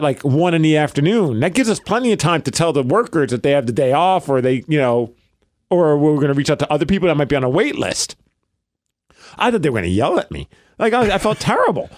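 A man co-hosting a podcast, telling a casual story in an animated way, acting out the quoted lines and poking fun at himself. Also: fairly high pitch, fairly quick, no room sound, studio quality. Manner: animated, acts out quoted lines, self-mocking. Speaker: podcast co-host.

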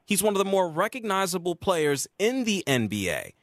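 A man's voice: moderate pace, dry recording, studio quality. A man hosting a sports talk radio show, arguing his point with emphasis. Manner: emphatic, argumentative, lively pitch swings.

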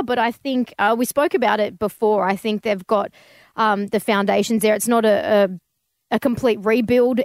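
A woman's voice: medium pitch, no echo, clean studio sound. A woman with an Australian accent speaking as a panelist on a sports radio show, chatty and upbeat.

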